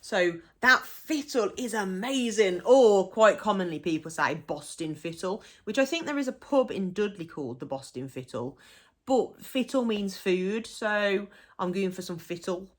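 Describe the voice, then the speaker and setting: A woman's voice: mid-range voice, darkish tone. A woman from the Black Country with a Black Country accent, explaining local dialect words in a chatty way, often laughing and acting out example phrases. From Black Country, England. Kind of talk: casual explanatory monologue.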